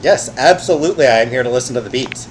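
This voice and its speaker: A man's voice: medium pitch, lively intonation, quick pace, noisy background. A man playing a video game on his channel, reacting wryly and swearing casually. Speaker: let's play host. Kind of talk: casual gameplay commentary.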